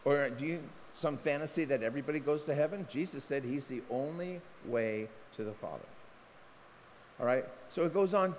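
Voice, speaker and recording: A man preaching a sermon as pastor, impassioned, his pitch leaping up when he presses a point. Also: expressive, normal speed. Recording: long hall reverb, faint noise.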